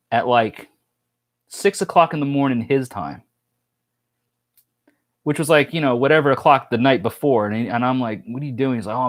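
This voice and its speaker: A man hosting a casual live stream, telling rambling stories and reading chat comments, with lots of fillers and restarts. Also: mid-range voice. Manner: rambling, chatty storytelling with many fillers and restarts.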